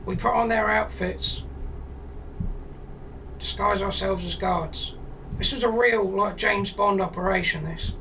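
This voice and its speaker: A British man with a high, gravelly, bright voice spins a crude comic tale. He talks in a flat, deadpan way and swears freely. He sits a little back from the mic, and a faint hum runs underneath. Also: a little slow, distant mic, rough recording. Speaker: streamer telling a comic story. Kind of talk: rambling comic storytelling.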